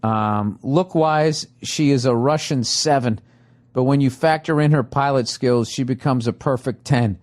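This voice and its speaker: A man's voice: mid-range voice, measured pace, a little mellow. A middle-aged man hosting a comedy podcast, ranting profanely in a casual monologue while chewing food as he talks. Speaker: podcast host.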